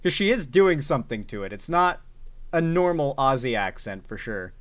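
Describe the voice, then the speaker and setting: A man's voice: mid-range voice, very animated, normal speed. A man hosting a reaction commentary show, talking casually and sarcastically with lots of fillers and restarts. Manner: sarcastic, rambling, with filler words. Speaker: commentary host.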